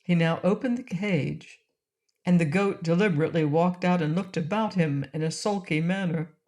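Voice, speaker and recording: A woman narrating a classic children's audiobook in a gentle, clear reading style. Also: lowish voice, moderate pace. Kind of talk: storybook narration.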